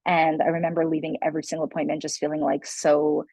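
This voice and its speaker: Husky-voiced woman sharing her story. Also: deep voice, monotone, quick pace, warm tone, no room sound, low-quality recording. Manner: candid, earnest, frequent "like" and "you know". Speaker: guest speaker. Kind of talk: personal testimony in a conversation.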